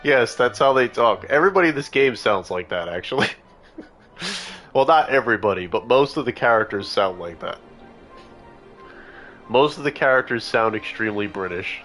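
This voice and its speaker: A man's voice: medium pitch, expressive, normal speed, a bit bright, faint music behind. A tipsy man streaming a video game live, chatting casually and laughing often. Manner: giggly, laughs often and mimics lines.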